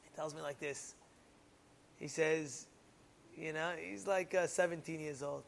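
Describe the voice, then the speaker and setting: A man casually telling a parable as a moral lesson, animated and rambling, with repeated fillers. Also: a little high, unhurried, creaky, a little hiss or hum. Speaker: storyteller giving a moral lesson.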